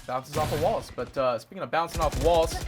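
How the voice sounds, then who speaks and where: A man doing excitable play-by-play esports commentary, reacting fast and laughing often. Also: a little high, music in the background. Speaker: esports caster. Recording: noisy game audio behind.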